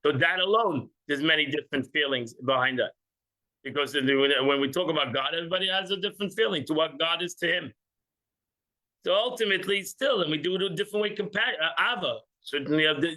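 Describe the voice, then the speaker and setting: Bright high-voiced man teaching a class. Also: rough recording. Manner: animated, joking, acts out little scenes. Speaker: religious teacher. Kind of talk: informal class with audience banter.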